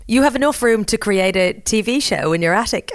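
A woman with an Irish accent hosting a podcast, chatting casually with playful, quick asides. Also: mid-range voice, expressive, no echo. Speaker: podcast host. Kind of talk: casual chat.

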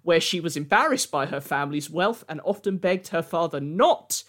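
A man's voice: fairly high pitch, animated, moderate pace, fairly bright tone. Dry-joking male podcast co-host. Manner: dry, joking, reads from a script. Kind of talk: casual chat.

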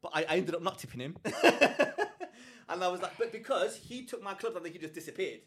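A man from England co-hosting a podcast, telling a story in a lively, animated way and often restarting his sentences. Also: sits high, rapid-fire. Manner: animated storyteller, acts out quoted people, frequent restarts. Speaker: podcast co-host. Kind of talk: casual chat, storytelling.

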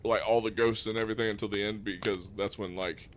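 A man's voice: fairly low pitch, steady tone, quick pace, a little hiss or hum. A man co-hosting a podcast, talking loosely and profanely in casual chat about a film. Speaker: podcast co-host.

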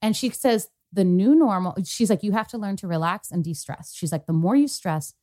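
A mellow, animated medium-pitched voice at a moderate pace belongs to a young adult woman co-hosting a podcast. Casually, she shares a personal story, quoting others amid plenty of fillers.

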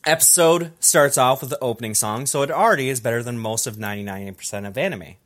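A man's voice: medium pitch, fast talker, fairly bright tone. A young man hosting a casual comedy podcast, reading a jokey episode recap with asides to his friends. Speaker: podcast host summarizing anime episodes.

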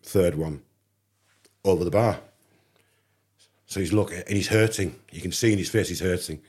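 Husky low-voiced Englishman telling a story. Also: moderate pace. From England. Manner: animated anecdote teller, acts out dialogue. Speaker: podcast guest. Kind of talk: casual storytelling.

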